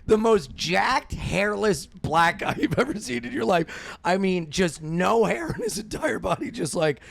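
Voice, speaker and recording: A comedian telling a crude story on a podcast, laughing and acting out voices. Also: male voice, high-pitched, a little slow, vocal fry, dry recording. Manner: animated, laughing, acts out voices, profane. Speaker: guest comedian.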